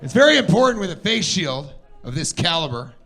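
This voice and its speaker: A man's voice: on the high side, brisk, some chatter behind. A male stand-up comedian telling a wry airport story on stage, acting out the people in it. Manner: wry, animated anecdote telling with acted quotes.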